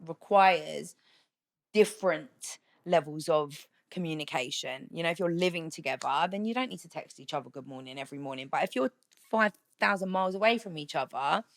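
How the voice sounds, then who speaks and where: A woman's voice: deep voice, a little fast. A woman chatting casually on a podcast, blunt and candid, swearing freely as she talks about dating.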